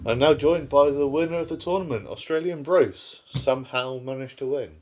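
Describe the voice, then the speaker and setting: A man interviewing competitors in a curt, deadpan, dismissive comedic style. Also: medium pitch, normal speed, over music.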